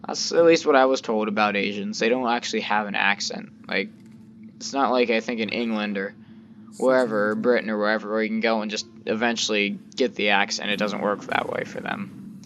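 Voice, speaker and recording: This gamer talks briskly in a fairly low, steady, slightly bright voice, rambling through casual let's-play commentary with plenty of fillers and some mild swearing. His desk mic recording has the highs cut off and a little background noise.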